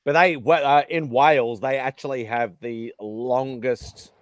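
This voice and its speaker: A man's voice: medium pitch, steady tone, a little slow, dry recording. Australian man hosting a casual chat. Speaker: host.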